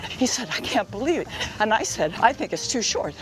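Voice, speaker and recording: A woman's voice: on the high side, big pitch swings, a little fast, noisy background. An older woman in an archival interview, dramatically retelling what happened to her. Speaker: interviewee recalling her past.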